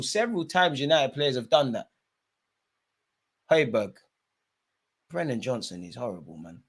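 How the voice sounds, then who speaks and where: A man hosting a live football watch-along, chatting to viewers and shouting at players and the referee. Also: mid-range voice, moderate pace, pauses often, slightly rough. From Eritrean heritage. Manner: excitable, shouts at players and ref; chatty, joking asides. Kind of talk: live match commentary to viewers.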